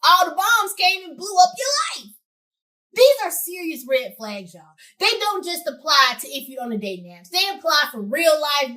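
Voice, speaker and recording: A young woman hosting a show, giving casual advice to camera in a sassy, animated way and talking straight to her listeners. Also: high-pitched, distant mic. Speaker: host.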